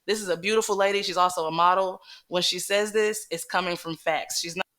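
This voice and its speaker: A woman's voice: on the low side, steady tone, brisk, fairly bright tone. A woman hosting a compilation, earnestly introducing a guest and vouching for her. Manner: earnest, reassuring. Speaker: compilation host. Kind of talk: casual introduction.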